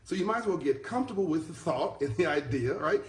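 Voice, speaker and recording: A man's voice: on the high side, lively intonation, quick pace, reverberant. A man giving a motivational talk over a live stream, repeating and building up his points like a preacher. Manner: repetitive, emphatic, preacher-like build-ups. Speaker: motivational speaker. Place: traveling, broadcasting from abroad.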